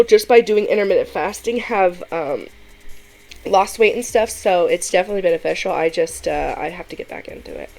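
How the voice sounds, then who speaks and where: A woman's voice: fairly low pitch, a little fast, vocal fry, a little mellow, soft background music. A woman hosts a reaction commentary and talks in an emphatic, opinionated way. She often acts out what she would say to critics. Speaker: commentary host.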